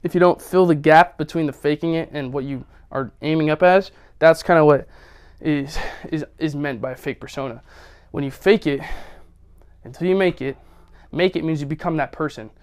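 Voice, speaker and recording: A man's voice: on the high side, moderate pace. Man rambling casually between gym sets. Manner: rambling, many fillers, breathy strained sighs between reps. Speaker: vlogger filming his workout. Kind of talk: casual rambling monologue while lifting.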